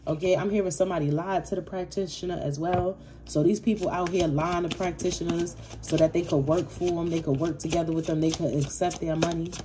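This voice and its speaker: A tarot-reading woman speaks in with a low, mellow, dark-toned voice. She is blunt and swears freely, circling back on the same phrases to drive each point home. A faint hiss of background noise sits under the recording. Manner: blunt, profane, repetitive and emphatic. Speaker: tarot reader. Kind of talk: casual collective tarot reading.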